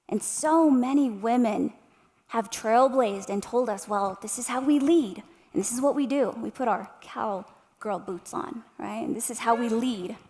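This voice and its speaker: A woman in her thirties, her voice on the high side and a little mellow, delivers a motivational keynote, telling animated stories and addressing the crowd with tag questions. She speaks in a large hall at an arts center, and the recording has long hall reverb.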